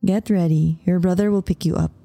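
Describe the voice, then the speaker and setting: A woman doing a calm, comforting mother. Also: lowish voice, fairly quick, soft background music, close to an everyday voice. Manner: cool and clear.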